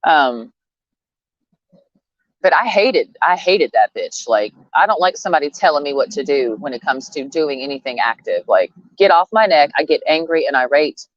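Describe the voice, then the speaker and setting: A woman with a low voice venting in a blunt, rambling, profanity-laced rant. The sound is dry and a little dull. It is a slightly lo-fi recording. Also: animated, normal speed, dry recording. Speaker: vlogger. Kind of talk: casual rant to camera.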